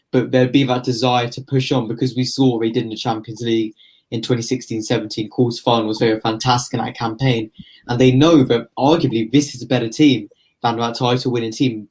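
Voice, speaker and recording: A man's voice: medium pitch, level tone, fairly quick, darkish tone. A man delivering long, flowing football opinions on a podcast. His voice sits in a mid register and stays conversational. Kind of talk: casual football podcast analysis.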